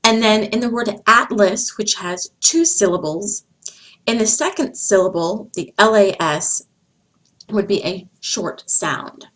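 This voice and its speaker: A woman teaches vowel sounds over slides, and she speaks at a very slow and careful pace. She says each example word clearly and repeats the sounds so listeners can follow. Her pitch sits in a middle range. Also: a bit bright. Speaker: English teacher. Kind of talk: slide-based phonics lesson.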